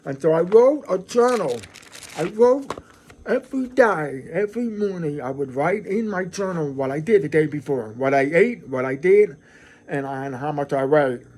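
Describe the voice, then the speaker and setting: A middle-aged man with a notably high-pitched voice hosts his own vlog in a loose, casual way. He is earnest and effusive, circling back and repeating words as he talks, and his sentences keep restarting. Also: expressive, normal speed, a little mellow. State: emotional, near tears. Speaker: channel host. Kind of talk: casual talking-to-camera vlog.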